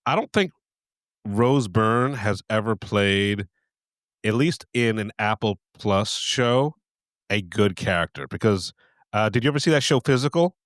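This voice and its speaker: Male podcast co-host, low-pitched, laid-back conversationalist. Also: expressive, unhurried, a bit bright, dry recording, studio quality. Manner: laid-back, brief agreeing replies. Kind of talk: casual chat.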